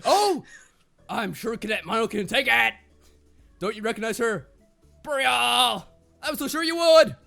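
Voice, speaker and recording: A man voicing a harsh, bullying male drill sergeant in a visual novel read-through, barking orders at a shout. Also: very high-pitched, animated, measured pace, gravelly, long pauses, faint music behind, pitched above the performer's own voice, heavily acted.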